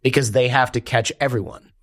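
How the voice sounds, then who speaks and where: A man, a podcast guest telling stories in an animated way and quoting people in character. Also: mid-range voice, brisk, no echo, studio quality. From United States. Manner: animated storyteller, quotes others in character. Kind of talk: conversational interview.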